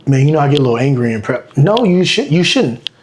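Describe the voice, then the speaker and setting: A man's voice: medium pitch, fast talker, a little hiss or hum. A man in his thirties, a bodybuilder and coach, chatting casually on a podcast and acting out what his clients say. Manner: animated storyteller, acts out voices of clients.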